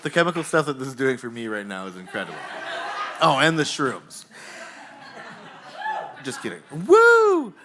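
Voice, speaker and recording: A man hosting a live comedy show on a bar stage, directing the audience in a rambling, halting, jokey way with lots of fillers. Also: medium pitch, lively intonation, crowd noise, background noise.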